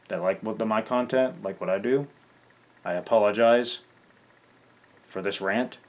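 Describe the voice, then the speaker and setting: A gaming content creator venting in an angry farewell rant, swearing and stumbling over his words. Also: lowish voice.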